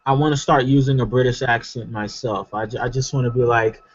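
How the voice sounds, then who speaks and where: A man's voice: mid-range voice, fairly even intonation, brisk, husky, highs cut off. An American man in a casual online discussion, rambling and playful, with plenty of fillers. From California, United States. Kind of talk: casual online debate chat.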